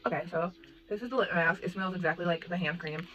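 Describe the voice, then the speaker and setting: A young adult woman chatting excitedly as a makeup vlogger, full of asides and "like". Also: fairly low pitch, fast, lo-fi sound, soft background music. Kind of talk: casual unboxing chat.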